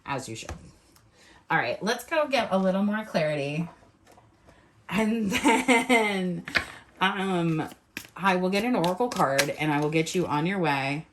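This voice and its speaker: A woman with a New England accent doing a casual tarot reading to camera, animated, acting out the lines she imagines people saying and swearing freely. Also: on the low side, measured pace, long pauses, background noise. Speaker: tarot reader.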